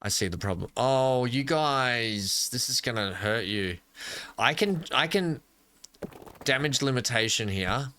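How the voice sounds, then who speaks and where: An Australian gaming host keeps up jokey, chatty commentary to himself as he plays, at a moderate pace with lively intonation. His mid-range voice is bright and forceful, and there is slight background noise.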